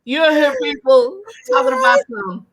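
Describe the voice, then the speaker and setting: A woman's voice: high voice, sing-song, normal speed. A woman co-hosting a podcast, chiming in and laughing along in casual chat. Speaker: podcast co-host.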